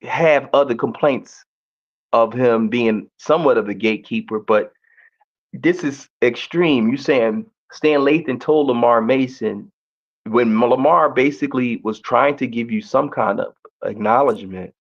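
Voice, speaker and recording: Halting man hosting a hearing, dull audio. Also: mid-range voice. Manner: halting, repeats words and restarts. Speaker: host of a faith-based arbitration show. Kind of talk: hearing a case.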